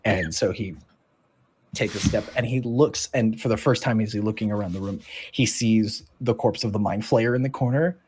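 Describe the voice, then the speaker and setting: Husky-voiced man narrating a tabletop game. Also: on the low side, moderate pace, a little mellow. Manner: casual, rambling with many fillers. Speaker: dungeon master.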